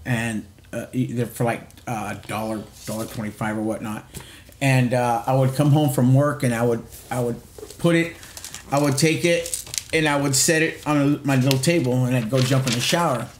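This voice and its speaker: A man's voice: medium pitch, steady tone, moderate pace, echoey room, a little hiss or hum. A middle-aged man co-hosting a podcast, telling a long rambling story in casual chat with lots of restarts and swearing. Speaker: podcast co-host.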